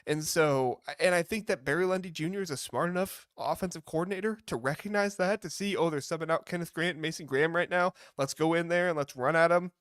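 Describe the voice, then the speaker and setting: Casual male podcast co-host, slightly high voice, dry close sound; thinks aloud, animated and chatty. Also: fast, few pauses, smooth, dry recording. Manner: animated, reasoning aloud with fillers. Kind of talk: casual sports talk.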